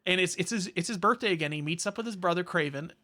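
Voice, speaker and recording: Male podcast co-host, rambling recap full of fillers, bright voice. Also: high voice, quick pace. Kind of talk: casual chat.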